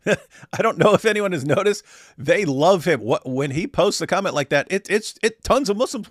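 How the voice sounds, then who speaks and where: Animated, sarcastic male commentator. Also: sits high, normal speed, no echo, clean studio sound. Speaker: host. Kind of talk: casual commentary reacting to a clip.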